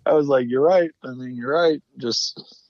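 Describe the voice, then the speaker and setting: A former hockey player, guesting on a podcast, tells stories in a casual interview with a salty edge, rambling, swearing and restarting mid-sentence. His medium-pitched voice arrives over muffled, lo-fi remote audio at a moderate pace, dry with no room sound.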